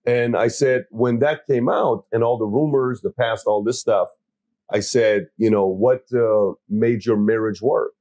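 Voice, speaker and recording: Mellow husky man, dry close sound. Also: medium pitch, measured pace, no echo. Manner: rambling, repeating words while searching for his point. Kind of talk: casual interview chat.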